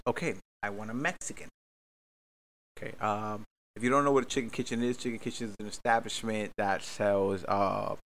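Man, podcast host, casual storytelling, rambling, profane, self-mocking, mid-pitched. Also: a bit bright.

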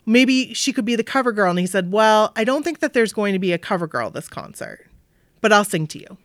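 A fairly quick, mid-range female voice belongs to a woman from Maine, USA, chatting casually as she tells a story. Animated, she mimics what others said and drops in many "like" fillers. The audio is studio quality with no echo.

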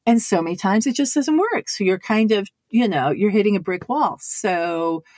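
A woman who works as a voice actor tells a casual story to camera, animated and acting out other people's lines in quotes. Her voice is medium in pitch and moves at a normal speed. The recording is dry and studio quality.

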